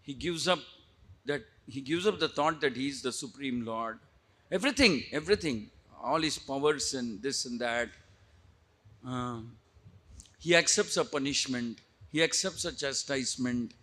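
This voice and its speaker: A man, a preacher giving an animated devotional storytelling lecture. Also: medium pitch, moderate pace.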